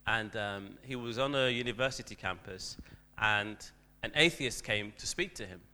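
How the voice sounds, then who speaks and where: A man's voice: on the low side, moderate pace, bright, forceful tone. A man, a teacher, telling a self-deprecating story in a church talk, with frequent restarts.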